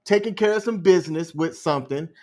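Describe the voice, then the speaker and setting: A man co-hosting a podcast, telling a story in a calm, measured, unhurried way. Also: a little high. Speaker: podcast co-host. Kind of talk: casual storytelling chat.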